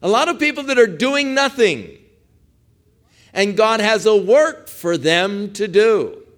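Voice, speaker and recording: Male preacher, dramatic, goes quiet then loud, sermon style. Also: sits high, expressive, slow. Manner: emphatic storytelling, swinging from hushed to loud.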